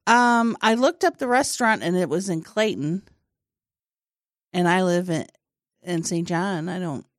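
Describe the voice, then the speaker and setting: A woman chatting casually, telling stories with a deadpan joking manner. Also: fairly low pitch, unhurried, dry recording, clean studio sound. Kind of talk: casual chat.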